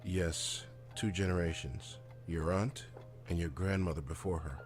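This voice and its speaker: An actor playing a frank, probing male doctor in a game, with a measured, clinical delivery. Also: low voice, faint music behind. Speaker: game character. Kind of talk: studio game voice acting.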